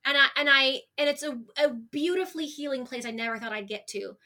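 A young woman in her twenties with a bright, ringing voice pitched a little high. She talks as a podcast guest, open and candid. She often stops and restarts her sentences as she speaks. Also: fairly quick. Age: 20s. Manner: open and emotional, frequent restarts. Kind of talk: candid conversational interview.

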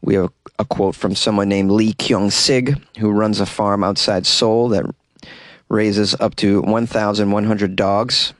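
A man hosting a comedy podcast, reading odd news stories with sarcastic deadpan asides, recorded in a closet. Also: fairly low pitch, unhurried, no echo.

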